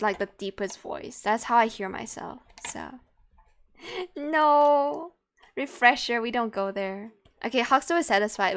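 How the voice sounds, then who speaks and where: Young woman streamer, slightly high voice, giggly and self-mocking. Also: a bit bright, clean tone. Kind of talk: casual live-stream chat.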